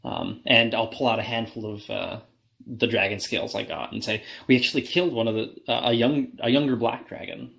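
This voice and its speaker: A man playing his character in a tabletop game, hesitant and filling pauses with "uh" and "um". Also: fairly low pitch, steady tone, vocal fry, fairly bright tone. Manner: hesitant, lots of fillers. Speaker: player.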